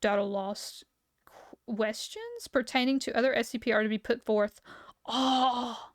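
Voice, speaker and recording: A woman's voice: a little high, fairly even intonation, unhurried, no room sound, studio quality. A young woman streamer reading aloud and chatting casually, her voice a bit worn as she is losing it. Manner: chatty, reads aloud then reacts.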